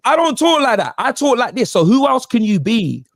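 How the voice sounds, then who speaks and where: High, lively man. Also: normal speed, no room sound, studio quality. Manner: animated, joking, slang-heavy street talk. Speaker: guest on a fan podcast stream. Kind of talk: casual chat.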